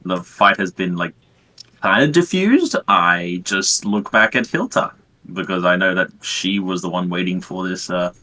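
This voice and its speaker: A man's voice: deep voice, lively intonation, a little slow, pushed and bright. A man chatting playfully as a player in an online tabletop game, often laughing. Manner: giggly, playful. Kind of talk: casual chat at a tabletop game.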